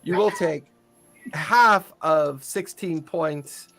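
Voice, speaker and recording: A man with a fairly high voice runs a tabletop game, describing the action in a playful way. He laughs often while he narrates. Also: very slow, gravelly, pushed and bright, faint music behind. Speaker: game master.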